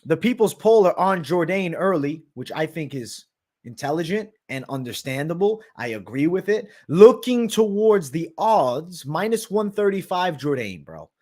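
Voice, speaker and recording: Brash, cursing man, fairly high voice. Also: big pitch swings, normal speed, a little mellow. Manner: profane, brash, peppered with "bro". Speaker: host of a live betting show. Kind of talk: casual live-stream chat reading viewer questions.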